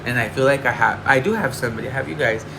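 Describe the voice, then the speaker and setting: A man's voice: mid-range voice, rapid-fire, gravelly. A man from Northern California chatting casually with livestream viewers, confiding and emotional, rambling with lots of fillers. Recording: air conditioner hum behind.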